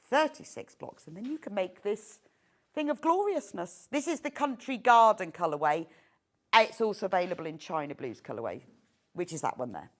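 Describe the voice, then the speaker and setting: A middle-aged woman presenting a live sewing shopping show, chatty and enthusiastic. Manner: chatty, enthusiastic, lively pitch swings.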